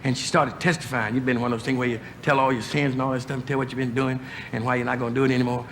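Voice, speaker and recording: Man comic, mid-pitched, unhurried story setup, noisy live room. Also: little pitch movement, a bit bright. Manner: halting, easygoing, many "uh" pauses. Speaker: stand-up comedian. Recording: noisy live club recording.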